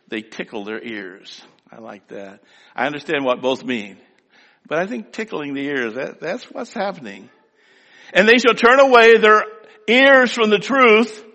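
A man preaching a sermon, emphatic, swinging between loud, drawn-out declaiming and quiet asides. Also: fairly high pitch. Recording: long hall reverb.

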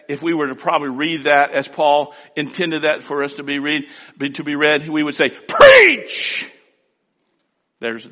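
A man preaching a sermon, emphatic, swinging between loud, drawn-out declaiming and quiet asides. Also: on the high side. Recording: long hall reverb.

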